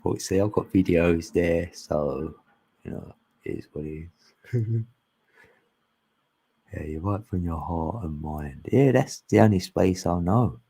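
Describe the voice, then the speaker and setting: A man's voice: low voice, slow, gravelly, long pauses, dark tone, husky. A man talking casually and ramblingly as a channel host, often laughing. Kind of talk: casual spiritual chat. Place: long live stream.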